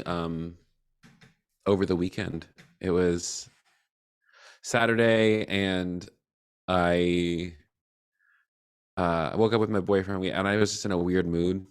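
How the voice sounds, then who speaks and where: A man candidly reflecting on his feelings in a personal talk, open and emotional, with casual swearing and halting restarts. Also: low voice, clear, resonant tone. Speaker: cohort facilitator.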